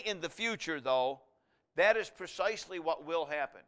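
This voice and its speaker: A man preaching a sermon, reading scripture aloud and explaining it verse by verse, rising to loud emphatic passages. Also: a little high, animated, normal speed. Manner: expository Bible teaching, reads scripture aloud, swells loud on key lines.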